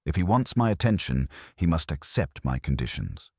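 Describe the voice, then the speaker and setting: A man's voice: rumbling low, very animated, normal speed, darkish tone, breathy edge, no room sound, clean studio sound, heavily acted. A man voicing a stout, imperious male genius detective who speaks in curt, commanding, dismissive sentences.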